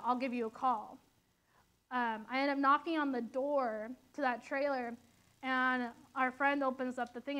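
A young woman telling her personal recovery story as a testimony, halting often and acting out the voices of others in dialogue. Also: fairly high pitch, a bit bright. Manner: halting, many fillers, quotes others in dialogue. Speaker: testimony speaker.

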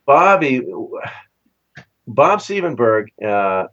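Animated storytelling man, lo-fi sound. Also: very slow. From Southern California. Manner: animated storyteller, acts out quoted voices with big pitch jumps. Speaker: session musician guest. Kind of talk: casual storytelling interview.

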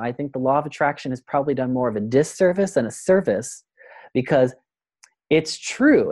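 A man's voice: mid-range voice, no room sound, clean studio sound. A man, a guest on a spiritual podcast, speaking earnestly and acting out little voices as he makes his points. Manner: earnest, animated, acts out voices in quotes. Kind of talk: spiritual conversation.

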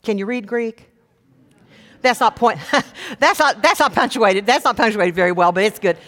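A woman preaching a sermon, teaching with expressive retellings and asides. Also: fairly high pitch, normal speed. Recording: long reverb of a large hall.

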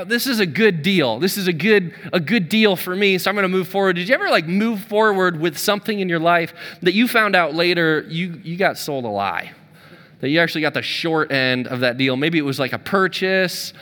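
A man on a church staff preaching a sermon, telling a story with lively energy and acting out the dialogue. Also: a little high, long reverb tail. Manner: energetic, acts out dialogue in his stories.

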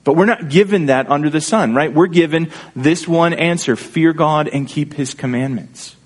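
A man's voice: fairly high pitch, moderate pace, slightly rough. Earnest man preaching a sermon. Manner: earnest, conversational preaching with rhetorical questions. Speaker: pastor.

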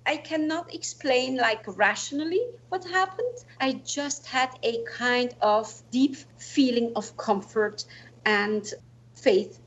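A high-pitched woman in her forties, appearing as a guest, shares a personal story in an earnest, reflective way, her slightly non-native phrasing full of "you know, like." The recording quality is low.

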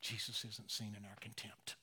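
A man in his sixties preaching a sermon, emotional, dropping to near-whispers and rising to loud, fervent emphasis, slowing on key phrases. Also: lowish voice, little pitch movement, breathy edge. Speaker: pastor.

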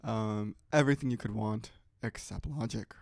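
Drawling, low-energy young man with some vocal fry. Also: moderate pace, a little mellow, dry recording. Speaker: podcast co-host. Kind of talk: casual podcast banter.

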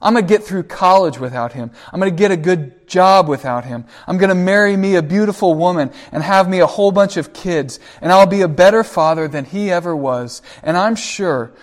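Bitter teen boy whose dad left, kinda high pitched, defiant , a man reading it out. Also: a little slow, lightly acted. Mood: shouting. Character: hurt teenage boy abandoned by his father.

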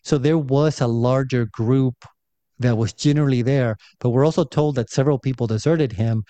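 A man in a casual Bible discussion, explaining scripture in a measured, thoughtful way. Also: mid-range voice, warm tone, no room sound.

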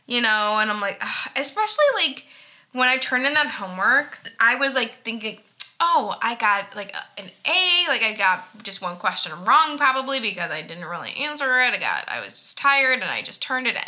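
A woman in her twenties chatting casually as a podcast co-host, animated and self-mocking, full of fillers and swearing. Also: a little high, moderate pace. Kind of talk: casual chat.

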